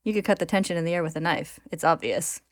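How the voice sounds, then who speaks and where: Woman doing a smug calm male villain. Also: fairly low pitch, quick pace, natural voice. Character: calm smirking male villain alchemist, cool and sly.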